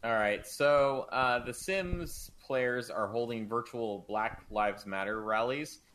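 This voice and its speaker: A man co-hosting a gaming talk stream, relaxed and hesitant, with frequent ums. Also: medium pitch, slow pace, poor audio. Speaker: co-host. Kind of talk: casual chat.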